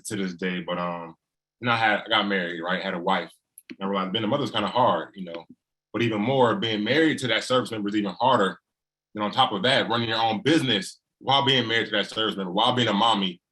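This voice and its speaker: A man on a video call with a low voice and a bright, forceful tone. He speaks in an earnest, folksy way as he pays tribute to his wife. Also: fast talker. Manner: earnest and folksy, peppered with "you know". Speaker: husband giving a tribute speech.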